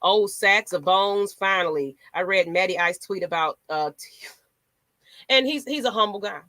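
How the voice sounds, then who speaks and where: A sports fan channel host rants in a sassy, dramatic style, throwing in mock voices as she delivers animated commentary. Her mid-range voice moves at normal speed with a fairly bright tone, and there's no room sound.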